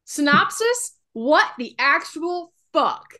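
A woman co-hosting a podcast in casual chat, excitable and flustered, swearing freely. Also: sits high, takes it slowly. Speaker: podcast co-host.

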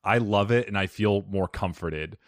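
A man from Arizona hosting a podcast, friendly and expressive in casual chat. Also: lowish voice, normal speed, dry recording, studio quality. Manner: friendly, expressive, reads listener letters aloud. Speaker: podcast host.

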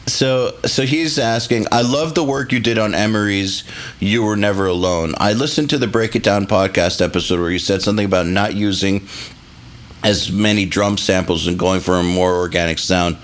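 A man's voice: fairly low pitch, fairly even intonation, moderate pace. A man hosting, reading out listener questions and joking about hard names. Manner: joking, stumbles over names. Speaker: host.

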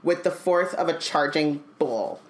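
A woman with a deep, slightly slow voice co-hosts a casual book podcast in an echoey room. She reads passages out loud and then riffs on them with loose jokes.

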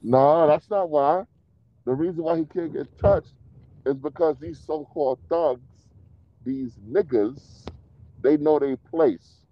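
A man's voice: on the high side, slow pace, no room sound. Guy ranting hot takes on a podcast, dull dry lo-fi mic, keeps pushing his point. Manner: provocative, heated, repetitive, laughs at own claims. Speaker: podcast co-host. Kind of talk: casual argumentative chat.

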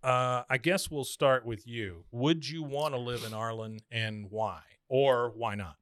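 A Texan man co-hosting a podcast, cracking jokes and tossing quick replies. His mid-pitched voice sounds easy and upbeat. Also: a bit bright, dry recording, clean studio sound. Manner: upbeat, jokey, quick back-and-forth. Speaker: podcast co-host. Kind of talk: casual chat.

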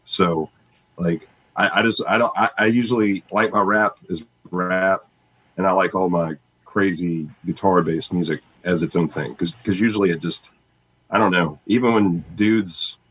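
A man's voice: deep voice, steady tone, moderate pace, a bit bright, slightly rough, rough recording. A man who writes lyrics for a band, talking in casual interview chat with hesitant, stammering restarts.

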